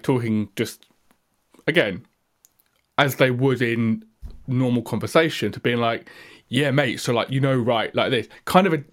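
A man with a neutral English accent co-hosting a podcast in casual chat, rambling with many restarts. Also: medium pitch. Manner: rambling, full of fillers and restarts. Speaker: podcast co-host.

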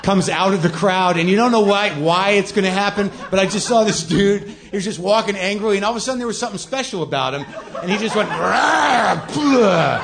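A man's voice: high voice, fast, a crowd in the background, background noise. Rambling, profane middle-aged man on stage. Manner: rambling, self-deprecating, profane. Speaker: comedian host. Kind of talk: live stand-up monologue. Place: comedy club stage.

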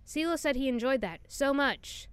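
A woman's voice: sits high, expressive. Chatty young woman co-hosting, blunt. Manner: chatty, frequent "um" pauses, blunt opinions. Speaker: podcast co-host. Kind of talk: casual chat recapping a TV show.

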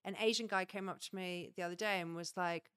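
Woman, comedian, casual chat, animated, swears, dry recording. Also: lowish voice, brisk, clear, resonant tone, no echo. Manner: animated, swearing, laughs often.

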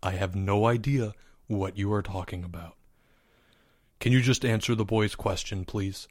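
A man's voice: on the low side, normal speed, a little mellow, no echo, clean studio sound. A man co-hosting a comedy podcast, playing the teasing, exasperated straight man. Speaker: podcast co-host. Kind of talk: casual comedic podcast banter.

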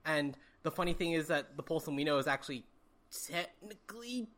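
Bright-voiced co-host from China. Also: medium pitch, animated, a little fast. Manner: rambling musings with mock-grand voiced asides. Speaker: podcast co-host. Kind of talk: casual book-club chat.

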